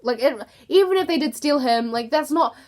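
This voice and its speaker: A young woman with a fairly high-pitched voice, rambling through gossip on her vlog. She talks in a loose, chatty way, full of "like" fillers. She keeps breaking into exasperated asides. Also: animated, normal speed, darkish tone. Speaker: YouTuber.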